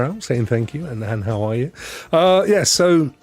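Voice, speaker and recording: Man, gaming stream host, lively up-and-down pitch, husky, rambling chat, faint music behind. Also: normal speed. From United Kingdom. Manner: rambling, chatty, chuckles often. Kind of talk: solo live-stream chat. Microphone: headset.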